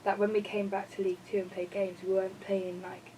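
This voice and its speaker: Woman co-host, mellow voice, chatty storyteller, mic a bit far off. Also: medium pitch, flat delivery, a little fast, slight background noise. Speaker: podcast co-host. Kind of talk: casual chat.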